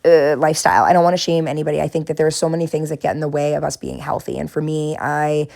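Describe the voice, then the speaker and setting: A woman with a faint Boston accent talks through her painting in a low, mellow, gravelly voice. She reflects gently and encourages her viewers, and laughs at herself now and then. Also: fairly even intonation, fast. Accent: faint Boston, mostly smoothed out. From Boston area. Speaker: art vlogger and therapist. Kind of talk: casual reflective talk while painting.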